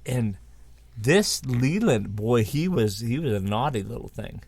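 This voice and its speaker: A man's voice: mid-range voice, big pitch swings, unhurried, a little mellow, husky. A man co-hosting a show, telling a spooky story in a casual, rambling way with many restarts and asides. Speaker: co-host.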